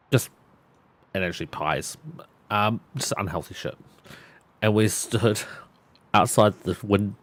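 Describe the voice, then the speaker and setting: A man in his thirties chatting on a live stream, telling a story with lots of laughter and swearing. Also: low voice. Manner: laughs a lot, swears freely, animated storyteller.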